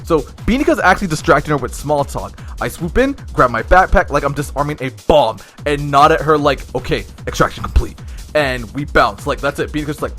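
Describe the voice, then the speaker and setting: A young man telling a slangy, animated story-time tale of office drama, swinging between loud bursts and hushed asides. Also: on the high side, fairly quick, hardly any pauses, soft background music.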